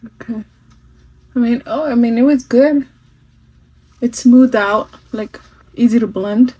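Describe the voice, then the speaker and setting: A woman's voice: fairly high pitch, a little slow, warm tone, breathy edge, rough recording. A woman chatting casually through a makeup tutorial, mixing in phrases and swearing now and then, recorded on a phone at home. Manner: chatty, switching into Spanish phrases, some swearing. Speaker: makeup vlogger.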